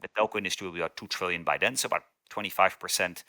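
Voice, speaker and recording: Low, bright-toned man explaining steps. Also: fairly even intonation, rapid-fire, no room sound. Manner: structured, lists steps methodically. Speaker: consulting partner, guest. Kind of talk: business interview.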